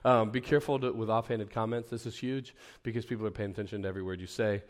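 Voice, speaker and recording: A man's voice: on the low side, fairly even intonation, fast talker. Casual man teaching fellow preachers. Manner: conversational, self-deprecating, restarts and asides. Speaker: camp leader teaching preachers. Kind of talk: informal teaching talk. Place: camp meeting room.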